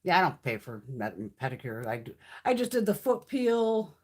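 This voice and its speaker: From her home in a mountain area, a woman in her fifties hosts a casual beauty livestream, ranting bluntly and swearing constantly. Her low, husky voice has a darkish tone and is very animated at a normal speed.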